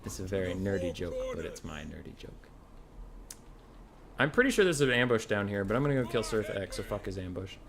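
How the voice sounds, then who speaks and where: A man's voice: on the low side, very animated, a little fast, creaky, background noise. A man streaming a strategy game, chatting casually and joking with friends. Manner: laid-back, joking, laughs often. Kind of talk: casual gaming chat.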